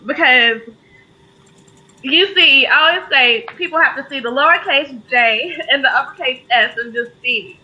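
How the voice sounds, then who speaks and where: High bright-voiced woman, near tears. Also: dull audio. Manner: heartfelt, fighting back tears. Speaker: co-host. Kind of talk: emotional tribute in casual talk.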